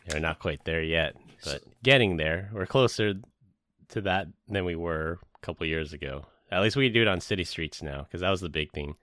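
Very deep-voiced man, dry close sound. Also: moderate pace, a bit bright, no echo. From Northern California. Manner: matter-of-fact, explains facts plainly. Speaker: podcast co-host. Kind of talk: casual chat.

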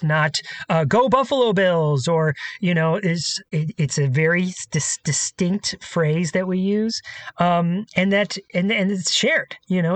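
A man co-hosting a casual podcast, speaking in a slightly higher register. He tells stories with animated energy. The sound is dry and close to the mic. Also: no room sound. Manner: animated storytelling, chants sports cheers. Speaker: podcast co-host.

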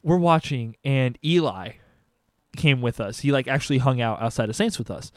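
A man's voice: mid-range voice, moderate pace, dry recording. Profane young man telling crude stories. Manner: animated, profane, crude storytelling. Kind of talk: casual storytelling chat.

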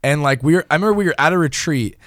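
A man's voice: a little high, racing, no echo. Chatty young man, dry close sound. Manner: chatty, animated storyteller with frequent restarts. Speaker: podcast co-host. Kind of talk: casual chat.

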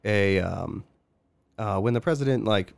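A man co-hosting a casual podcast, talking in a relaxed way and sometimes searching for words. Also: fairly low pitch, measured pace, creaky, clean tone, no echo. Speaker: podcast co-host.

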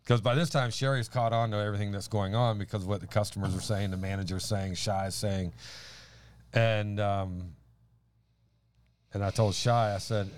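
A man's voice: on the low side, steady tone, moderate pace, clean tone. A man co-hosting a faith chat, telling a story with lots of laughter and restarts. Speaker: podcast co-host.

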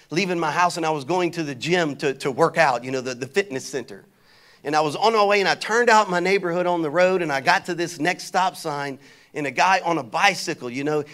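Male pastor, high voice, animated sermon with call-and-response and casual anecdotes. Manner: conversational storytelling.

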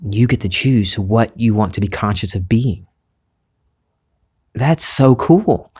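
A man with a mild Southern US accent, talking through a reflective spiritual monologue in a musing, unhurried way, restarting phrases and laughing easily. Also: lowish voice, slightly rough. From Southern United States. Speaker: spiritual vlogger, former reporter.

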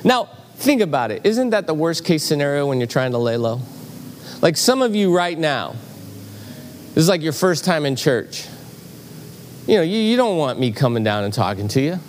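A man's voice: on the high side, very animated, moderate pace, slight background noise. A man preaching a sermon in a church, telling a story and acting out the voices in it. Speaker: pastor. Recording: church hall reverb, faint ambience.

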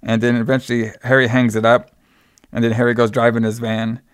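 A man's voice: mid-range voice, monotone, fairly quick, clean tone, dry recording, clean studio sound. A man casually recapping a movie plot as a podcast co-host, rambling and leaning heavily on filler words.

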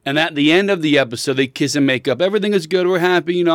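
A man's voice: a little high, rapid-fire, no room sound, studio quality. A man in his thirties chatting casually as a podcast co-host, telling stories animatedly and acting out quotes in shifting voices. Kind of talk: casual chat.

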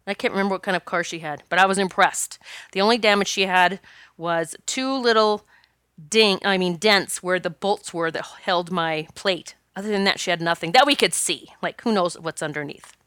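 A woman hosting a podcast, telling a personal story in an animated, chatty way and talking straight to her listeners. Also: lowish voice, normal speed, smooth, no room sound, clean studio sound. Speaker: podcast host.

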